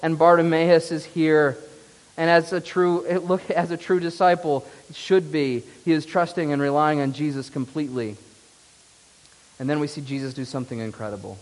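A man's voice: fairly high pitch, steady tone, normal speed, long reverb tail. A man preaching a sermon in an earnest, emphatic way. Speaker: pastor.

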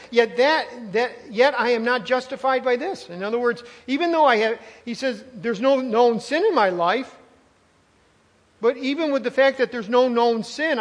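A high-pitched man delivers a sermon as pastor, speaking in an emphatic, conversational way that doubles back on phrases for stress. His voice carries a long reverb tail, as if recorded in a church sanctuary. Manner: emphatic, conversational preaching with asides and repeated phrases.

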